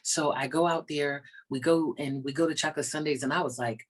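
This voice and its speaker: A woman stand-up comedian chatting as an interview guest, telling stories in an animated way and acting out the people she quotes, over a video call. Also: sits low, fairly quick, hardly any pauses. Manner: animated storyteller, acts out quoted voices. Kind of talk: casual interview chat.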